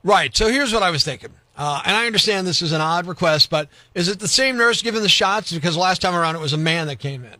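A man's voice: high voice, animated, fast talker, hardly any pauses, pushed and bright, dry recording. A male radio host making a prank call, arguing in a pushy, overprotective way. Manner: playing a pushy overprotective dad on the phone.

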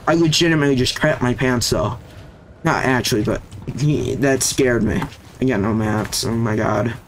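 A young man giving casual, excitable gameplay commentary, jumpy and slangy, with sudden yelps when startled. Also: medium pitch, moderate pace, noisy background. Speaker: gaming YouTuber. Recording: game music and sound effects behind voice. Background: loud game music.

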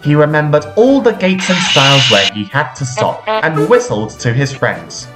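A man reading a children's railway storybook aloud in a slow, expressive storytelling manner. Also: fairly high pitch, music in the background. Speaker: storybook reader. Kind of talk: storybook narration.

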